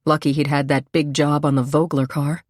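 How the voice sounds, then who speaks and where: A woman reads a suspense audiobook in a measured, steady way. Her voice sits low, and the recording is dry and close with no room sound. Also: dry recording. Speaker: audiobook narrator. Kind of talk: scripted narration.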